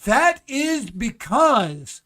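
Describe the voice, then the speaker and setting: Impassioned man with a bright high voice. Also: very animated, extremely slow. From United States. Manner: impassioned, building to shouting, swears. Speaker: podcast guest, comedian. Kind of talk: casual podcast rant.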